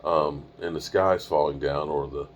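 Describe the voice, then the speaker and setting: Rumbling low at a normal speed with fairly even intonation, a weary fifty-something man yawns and rambles on a casual live stream. He's on the road with a mobile rig of microphone and small mixer, and the lo-fi sound has a little hiss or hum.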